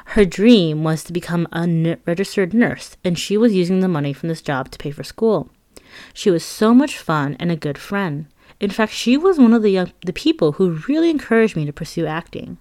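A woman's voice: lowish voice, expressive, normal speed, warm tone, no echo, clean studio sound. Candid, wry woman narrating a memoir. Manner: candid and wry, with asides to the listener.

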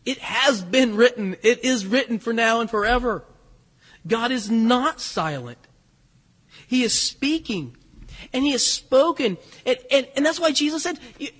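Male preacher, sermon delivery, husky, echoing church hall. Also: very high-pitched, moderate pace. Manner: animated, rhetorical questions, voices quoted lines. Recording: long hall reverb.

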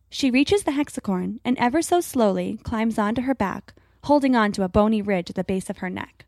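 A woman's voice: on the high side, expressive, a little fast, few pauses, a little mellow, dry recording. Woman narrating a story, dry close sound. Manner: vivid, dramatic reading.

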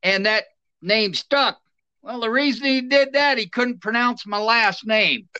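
A man's voice: very high voice, measured pace, clean tone, highs cut off. A middle-aged man, a retired soldier, telling plainspoken stories in a casual interview. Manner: animated, plainspoken anecdotes with laughs. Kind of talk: casual storytelling.

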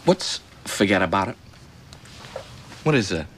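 An actor playing a curious FBI technician in a film scene, asking about slang. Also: male voice, deep voice, sing-song, a little slow, noisy background. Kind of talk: film dialogue.

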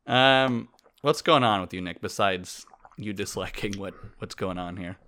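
A man's voice: lowish voice, measured pace, bright, forceful tone. A man co-hosting a podcast, chatting casually and teasing his co-host with mock exasperation. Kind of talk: casual chat.

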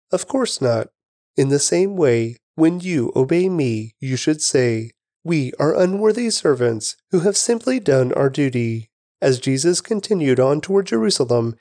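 A man reads scripture in a measured, unhurried voice. His voice sits a little high for a man, yet it sounds warm and mellow. The sound is close and dry, with no room around it. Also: no room sound. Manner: measured, deliberate reading with slowed emphasis. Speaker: scripture reader, podcast host. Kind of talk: steady scripture reading.

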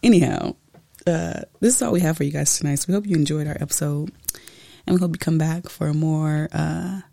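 A woman's voice: deep voice, brisk, gravelly, warm tone, dry recording. A woman co-hosting a podcast, chatting casually and teasingly as she wraps up the episode. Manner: teasing, laughing sign-off. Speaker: podcast co-host. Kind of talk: casual chat.

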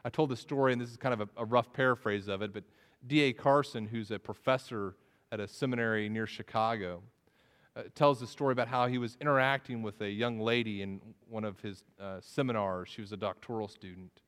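A man's voice: fairly low pitch, steady tone, fairly quick, fairly bright tone, smooth. A man preaching a sermon as pastor, often restarting phrases and repeating words. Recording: reverberant hall.

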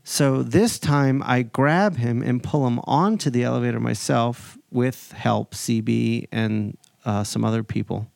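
A man in his forties spins a casual anecdote and slips into other people's voices as he goes. His voice has a gravelly edge. The sound is dry and close, with no room around it. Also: medium pitch, unhurried, hardly any pauses, dry recording. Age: 40s. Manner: animated anecdote-telling, acts out other people's lines. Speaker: podcast host. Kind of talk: casual storytelling chat.

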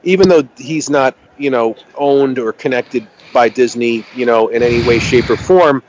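An eager middle-aged American man talks as a podcast guest, tripping over his words and restarting sentences. His voice sits at an ordinary pitch, and the sound is a little muffled and dull. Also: moderate pace, slight background noise. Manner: enthusiastic, stammering restarts. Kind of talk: casual chat.

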